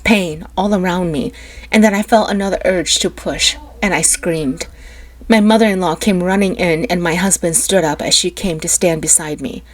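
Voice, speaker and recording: A woman's voice: lowish voice, normal speed. A woman narrating a first-person story with an emotional, dramatic delivery.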